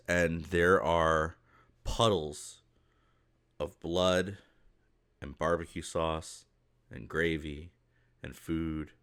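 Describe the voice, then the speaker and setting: Brief: unhurried male game master narrating a tabletop game casually. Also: a bass voice, smooth. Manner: loose, conversational, many fillers.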